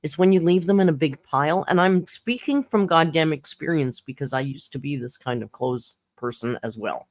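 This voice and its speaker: A woman's voice: deep voice, normal speed, hardly any pauses, a little mellow. A woman hosting a live reaction stream, giving sarcastic commentary with swearing and laughter. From Canada.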